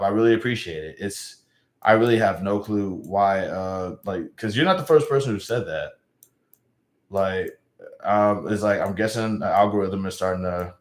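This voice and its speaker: Low-voiced man rambling on a livestream. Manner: rambling, halting, trails off and sighs. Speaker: live streamer. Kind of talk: casual livestream chat.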